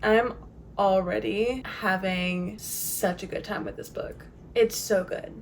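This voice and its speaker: A woman's voice: medium pitch, fairly even intonation, slow, slight background noise. A young woman vlogging casually about a book she is reading, chatty and self-mocking, often laughing. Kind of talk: casual chat to camera.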